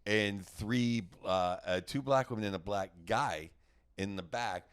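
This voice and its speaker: A man's voice: fairly low pitch, measured pace, clean tone. A middle-aged man, a guest comedian, telling rambling stories in casual chat and acting out what people said. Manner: rambling, restarts and acts out quotes. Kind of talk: casual storytelling.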